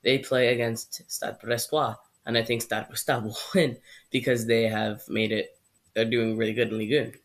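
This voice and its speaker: A man's voice: medium pitch, flat delivery, moderate pace. A young man from Canada hosting his own football vlog, chatting casually through his predictions and stumbling over names. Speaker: football channel host.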